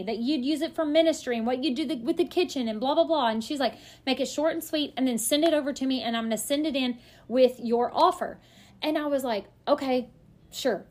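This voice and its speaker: A woman in her thirties, a podcast guest, telling a story in lively casual chat and acting out what other people said. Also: high-pitched. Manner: lively, quick to act out other people's lines.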